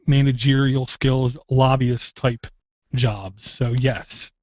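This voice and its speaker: A man's voice: mid-range voice, fairly even intonation, takes it slowly, a little mellow, no echo. A man hosting a tech podcast, chatty and wry, drifting off on tangents in casual talk. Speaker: podcast host. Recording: dull lo-fi dry podcast audio.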